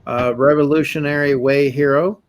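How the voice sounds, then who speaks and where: A man's voice: a little high, steady tone, normal speed. Chatty man hosting a live quiz recap. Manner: rambling, lots of fillers, reading quiz answers. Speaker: show host. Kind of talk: casual live-stream chat.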